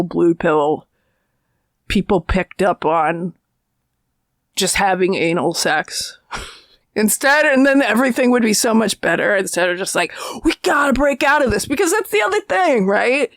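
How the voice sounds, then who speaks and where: A woman's voice: medium pitch, lively intonation, unhurried, no echo. A woman film critic talking casually as a podcast guest, thinking aloud and circling back with restarts.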